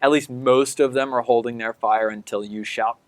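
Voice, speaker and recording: A man's voice: medium pitch, fairly even intonation, normal speed, no echo. Casual man running a tabletop game. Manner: casual, filler-heavy narration. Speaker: dungeon master.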